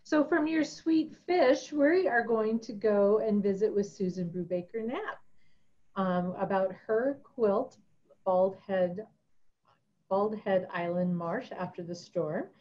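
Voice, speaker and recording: A woman's voice: medium pitch, slow pace, darkish tone. Woman curator hosting a virtual panel; upbeat intros, dull lo-fi audio.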